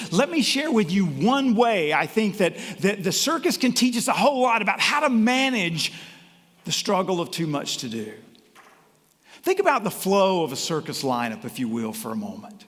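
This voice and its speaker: A man with a North Carolina accent giving a motivational keynote talk, animated and acting out the voices of his audience. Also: high voice, normal speed. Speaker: keynote speaker. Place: conference hall before a live audience. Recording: reverberant hall.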